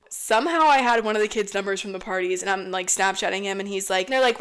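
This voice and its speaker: A woman's voice: mid-range voice, fast, few pauses, fairly bright tone. A young woman in her twenties, a podcast host telling a casual story, rambling, swearing a lot and saying "like" all the time. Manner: rambling, heavy swearing, lots of "like".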